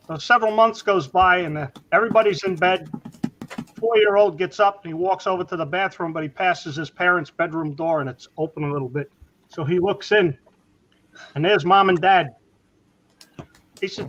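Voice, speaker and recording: Man, high voice, casual joke teller on muffled lo-fi audio. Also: normal speed, a bit bright. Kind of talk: casual joke-telling chat.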